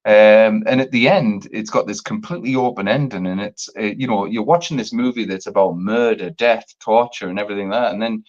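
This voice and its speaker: A man's voice: fairly low pitch, fairly quick, few pauses, dull audio. A man co-hosting a casual chat show, talking with passion, rambling and swearing freely. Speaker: podcast co-host.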